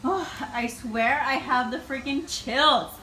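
A woman's voice: high voice, slow pace, pushed and bright, a little hiss or hum. A woman vlogging on her phone at home, panicky and exclaiming with nervous laughter. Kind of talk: casual vlog to camera. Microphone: phone camera. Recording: echoey room.

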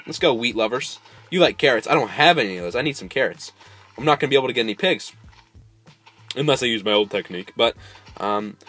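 Excitable man with a wildly swinging voice. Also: husky. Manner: excitable, coaxing animals with sudden high squeals. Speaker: gameplay host. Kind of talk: casual let's-play commentary.

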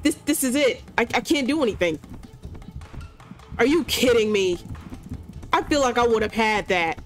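A woman gamer doing let's-play commentary at a desk mic, excitable, yelling commands at the game and bantering in casual slang. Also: on the high side, moderate pace, faint music behind.

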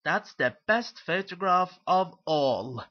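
A man voicing an eager, boastful young male tank engine in a storybook reading, speaking in an excited, shouty way. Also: sits high, takes it slowly, dull audio, pitched above the performer's own voice, exaggerated voice.

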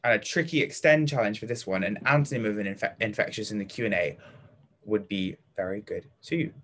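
A man's voice: fairly low pitch, fairly quick, fairly bright tone, slight background noise. A young British man teaching a live online lesson to children, cheerfully praising pupils by name in a chatty way with plenty of fillers. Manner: upbeat and encouraging, reads out pupils' answers by name.

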